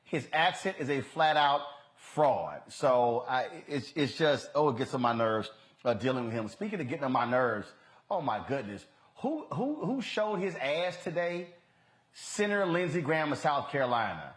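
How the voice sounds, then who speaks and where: A man's voice: mid-range voice, animated, normal speed, fairly bright tone. A man hosting a live news show, giving blunt, scornful commentary to his viewers. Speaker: host.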